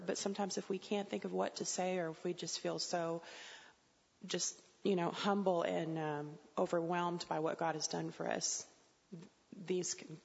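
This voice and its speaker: A woman sharing thoughts in a group Bible class, pausing as she searches for words. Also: on the low side, gravelly, slightly rough. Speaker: Bible study participant. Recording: long reverb, dull lo-fi sound.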